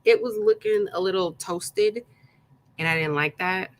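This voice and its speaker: A woman's voice: medium pitch, a little slow, low-quality recording. A woman hosting a live craft tutorial, chatting casually and greeting her viewers one by one by name, with plenty of ums along the way. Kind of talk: casual live-stream chat.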